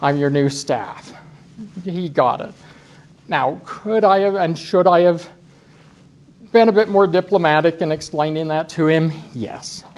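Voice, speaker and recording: Man, conference speaker, lively storyteller, fairly high voice, self-deprecating. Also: moderate pace, pauses often. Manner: animated, self-deprecating storyteller acting out quotes. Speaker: bus driver trainer giving a conference talk. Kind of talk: storytelling presentation. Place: conference session room.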